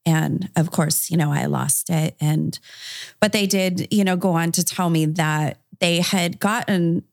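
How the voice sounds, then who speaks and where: A woman's voice: lowish voice, steady tone, measured pace, dry recording, studio quality. A woman guest on a podcast interview, recounting a personal story in a candid, conversational way, often using fillers.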